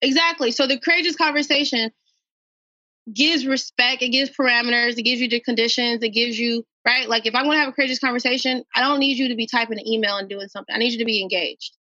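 A woman from Minnesota speaks earnestly as a podcast guest, leaning on repeated phrases to drive each point home. Her voice sits a little high and is bright and sharp. The recording is dry and somewhat dull. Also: fairly even intonation, quick pace, no echo. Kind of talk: emotional personal account.

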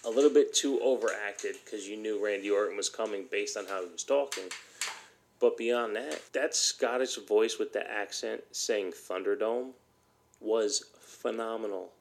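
A man's voice: lowish voice, measured pace, vocal fry, slight background noise. A man hosting a solo podcast, ranting bluntly and heatedly, swearing often. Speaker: podcast host.

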